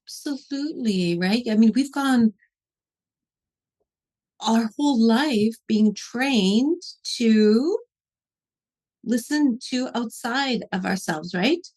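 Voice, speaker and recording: A woman podcast host reflecting aloud in conversation, warmly affirming her guest. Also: a little high, lively intonation, slow pace, pauses often.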